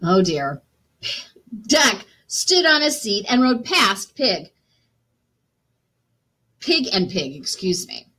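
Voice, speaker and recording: A woman's voice: medium pitch, very animated, slow, pauses often, pushed and bright, slightly rough. A woman teacher reading a picture book aloud to children, chatty and encouraging, asking her listeners questions.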